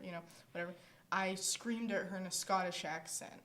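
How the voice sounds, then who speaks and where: A woman's voice: fairly low pitch, steady tone, moderate pace, a bit bright, a little hiss or hum. A young woman hosting, rambling and giggly. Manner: bubbly, rambling, heavy on filler words, laughs often. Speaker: podcast host. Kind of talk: casual podcast chat. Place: small podcast room with three people. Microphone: podcast microphone.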